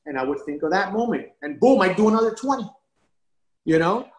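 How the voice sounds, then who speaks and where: Interview guest: animated man, slightly high voice, recorded in a roomy space. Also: brisk. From Miami area. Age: adult father of a young son. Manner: animated, emotional, repeats words when restarting. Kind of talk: casual interview storytelling.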